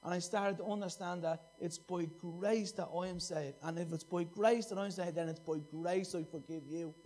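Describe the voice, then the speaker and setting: A man's voice: sits high, fairly even intonation, normal speed, a little mellow. A middle-aged man preaching a sermon, impassioned and repeating phrases for emphasis.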